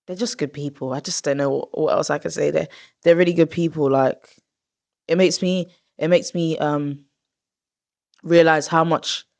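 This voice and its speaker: A young woman hosting a podcast, talking casually in a rambling, heartfelt way with lots of fillers and self-corrections. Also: deep voice. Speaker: podcast host.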